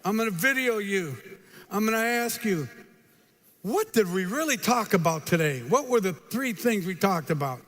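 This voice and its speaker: An older man gives a live motivational talk, his very high, bright voice ringing out with long hall reverb. He tells his stories in an animated way, acting out the quotes and dropping in short, punchy asides, with faint ambience behind him. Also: moderate pace. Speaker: motivational speaker.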